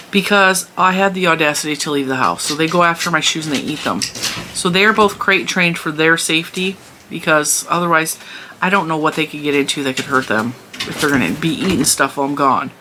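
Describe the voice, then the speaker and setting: A woman's voice: sits low, sharp tone, slight background noise. Chatty woman rambling at home. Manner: rambling, chatty, laughs often. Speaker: crochet channel host. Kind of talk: casual chat to camera. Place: home room.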